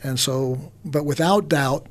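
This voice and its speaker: A man's voice: fairly high pitch, slow. A man in casual conversation about faith and doubt, rambling, repeating words and using many fillers.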